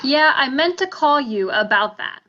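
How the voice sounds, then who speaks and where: A woman's voice: sits high, animated, moderate pace, pushed and bright, lo-fi sound, a little hiss or hum. A woman reading the part of a smug banker who sells bonds, speaking in a breezy, dismissive way over a video call.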